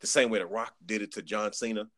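Animated low-voiced man telling a story. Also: quick pace, a crowd in the background. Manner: animated storyteller, acts out quotes, repeats words. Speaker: podcast guest. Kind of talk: casual chat.

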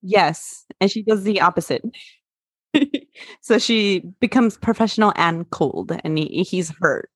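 A woman chatting casually as co-host, relaxed and agreeable, often chiming in with yeahs. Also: mid-range voice, measured pace, slightly rough, dry recording, clean studio sound. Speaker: podcast co-host. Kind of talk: casual chat.

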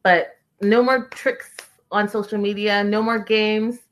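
A woman's voice: mid-range voice, steady tone, slow pace. A woman casually recapping a reality show, chatty and opinionated, reading viewer comments aloud.

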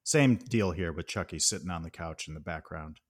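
A man co-hosting a casual podcast, telling a movie scene with lively animation. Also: low voice, normal speed. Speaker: podcast co-host.

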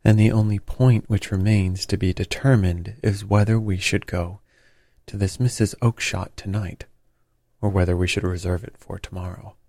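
A man voicing a confident detective who speaks in a crisp, assured, bland manner. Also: sits low, level tone, moderate pace, warm tone, dry recording, clean studio sound. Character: brisk, confident male detective, bland and knowing.

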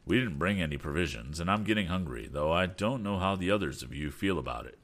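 A man voicing a calm, measured elderly inventor father in a storybook reading. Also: deep voice, heavily acted. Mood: mild. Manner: measured, sober.

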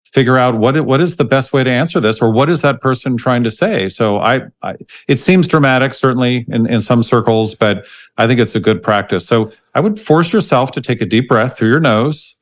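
A man hosting a casual interview, steady and agreeable, often chiming in with short affirmations. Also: medium pitch. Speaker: host.

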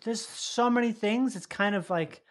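A man's voice: sits high, moderate pace. Rambling, profane casual man. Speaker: podcast host. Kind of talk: casual chat.

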